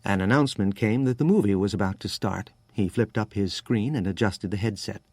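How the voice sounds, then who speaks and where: Low, measured male narrator for a thriller audiobook, dry studio read. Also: darkish tone, slightly rough, dry recording. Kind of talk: scripted narration.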